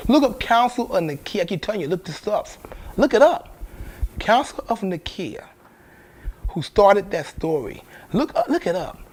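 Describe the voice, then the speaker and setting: A man's voice: high-pitched, darkish tone. A man, hosting his own show in a blunt, profane casual monologue that repeats points for emphasis. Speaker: show host.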